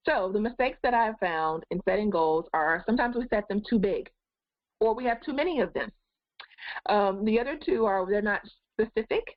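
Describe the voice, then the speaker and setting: A woman's voice: mid-range voice, dry recording. Woman life coach, encouraging webinar host, muffled dry webcam sound. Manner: encouraging, addresses viewers directly. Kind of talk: live goal-setting webinar talk.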